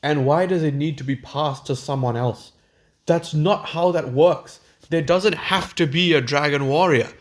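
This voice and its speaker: A man's voice: on the high side, measured pace. A man giving a heated, exasperated film review, swearing freely and stumbling over restarts when worked up.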